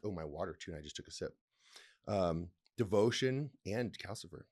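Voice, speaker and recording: A male podcast host with a somewhat low voice talks on his own, reading a text aloud and riffing on it. He laughs a lot, swears casually and rambles in a playful way. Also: lively intonation, normal speed, a little mellow, breathy edge. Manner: laughs often, swears, reads aloud and comments. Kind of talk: casual solo podcast talk.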